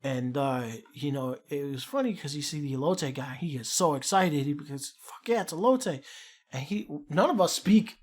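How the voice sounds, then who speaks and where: A man's voice: on the high side, moderate pace. Profane, rambling man with a Chicago accent. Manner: rambling, profane, animated storyteller. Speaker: podcast co-host. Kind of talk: casual storytelling chat.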